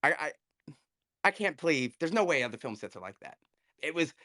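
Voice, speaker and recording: A man telling a heated story, full of swearing, in a casual live audio chat. His pitch swings widely as he gets worked up, and the sound is close and dry with no room echo. He talks over an online call. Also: very animated, moderate pace, pauses often, sharp tone. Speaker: guest speaker.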